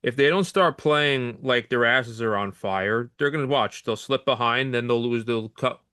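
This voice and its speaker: A man's voice: mid-range voice, normal speed, sharp tone, smooth, dry recording, studio quality. Frustrated man in casual sports talk. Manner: frustrated, rambling, casual swearing. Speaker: podcast co-host.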